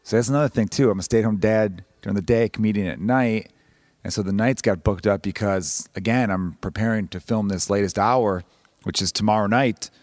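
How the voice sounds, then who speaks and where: A man rambles quickly through a solo podcast intro, self-deprecating and loose with his swearing. His voice sits low, and the recording is dry and close, with no room sound. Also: a little mellow, dry recording. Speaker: podcast host and comedian. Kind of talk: casual solo podcast monologue. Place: home room.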